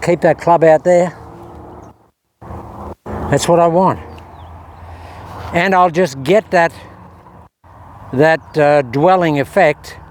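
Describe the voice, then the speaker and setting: Man, slightly high voice, golf vlogger chatting and coaching himself outside, faint background noise. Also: takes it slowly, long pauses. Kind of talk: casual talk to camera while practising. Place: outdoor golf practice area.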